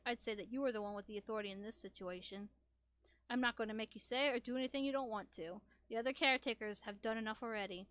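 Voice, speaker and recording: A woman doing a calm male robot father. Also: on the high side, no echo.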